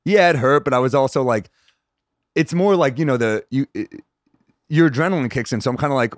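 A man, a comedian guest on a podcast, telling stories in a wry, deadpan way during casual chat. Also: medium pitch, dry recording, clean studio sound. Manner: quick, wry, deadpan storytelling.

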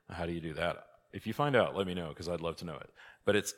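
Lively low-voiced priest teaching a class. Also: male voice, quick pace. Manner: lively, rhetorical questions, emphatic outbursts. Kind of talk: conversational church class teaching. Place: church hall. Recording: long hall reverb.

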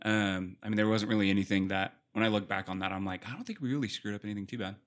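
A man who wrestles, chatting casually in a relaxed way. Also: on the low side, rapid-fire. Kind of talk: casual chat.

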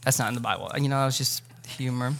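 A man preaching a sermon, lively and joking, acting out the disciples in quick asides. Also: medium pitch, vocal fry. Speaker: pastor.

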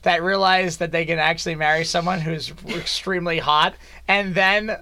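A man's voice: fairly high pitch, steady tone, normal speed, pushed and bright, no echo. A man co-hosting a casual podcast, joking and acting out silly voices in his stories. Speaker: podcast co-host. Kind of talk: casual chat.

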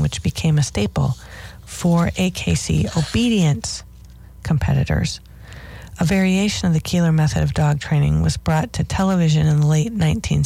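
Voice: mid-range voice, vocal fry, mellow, no echo. A dog trainer hosting a radio show, giving wry, opinionated commentary with dry asides. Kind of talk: scripted talk radio commentary.

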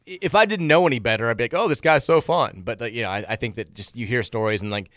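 A man's voice: medium pitch, sing-song, very fast, fairly bright tone, no room sound, clean studio sound. A man hosting a sports radio show in casual talk, blunt and opinionated, often stumbling and restarting his sentences. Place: radio studio.

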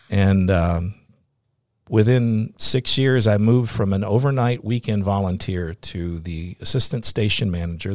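A middle-aged man with a low, gravelly voice recounts his career and faith in an earnest, reflective way. The sound is close and dry, with no room around him. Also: dry recording. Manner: earnest, reflective, laughs easily. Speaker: radio host guest. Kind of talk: faith interview storytelling.

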